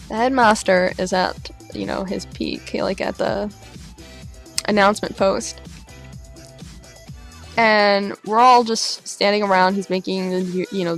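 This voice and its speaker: A young woman vlogger telling an excited story, acting out the voices of the people she quotes with big jumps in pitch.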